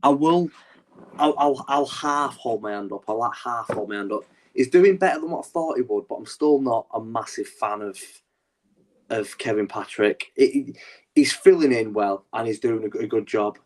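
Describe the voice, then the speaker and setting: A man's voice: mid-range voice, normal speed. A man co-hosting a wrestling podcast, talking animatedly in a rambling, casual way with lots of restarts. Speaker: podcast co-host.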